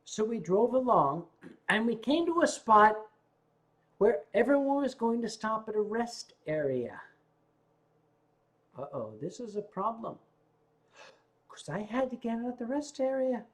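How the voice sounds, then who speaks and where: A man's voice: extremely high pitch, big pitch swings, unhurried, long pauses. An older man, a vlog host, telling rambling anecdotes in casual storytelling style with asides to his viewers.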